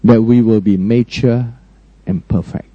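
A man preaching a sermon emphatically, often questioning his listeners and swinging between high, raised lines and low, quiet ones. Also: fairly even intonation, measured pace, no echo, lo-fi sound. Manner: frequent direct questions to the congregation.

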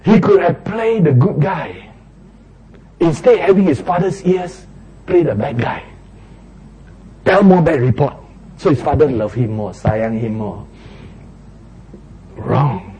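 A man's voice: on the high side, very animated, slow, long pauses, mellow, rough recording. A man, preaching a sermon and acting out little street quarrels in raised voices.

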